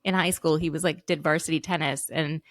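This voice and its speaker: A woman's voice: deep voice, steady tone, a little fast, fairly bright tone, dry recording. Chatty woman telling stories, dry sound. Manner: chatty, many "like" fillers, laughs often. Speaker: podcast co-host. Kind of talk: casual chat, storytelling.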